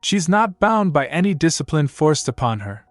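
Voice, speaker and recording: A man's voice: fairly high pitch, big pitch swings, normal speed, dry recording, soft background music, voice pushed up. A man doing a stubborn old grandfather. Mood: grudging. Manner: groaning, protesting.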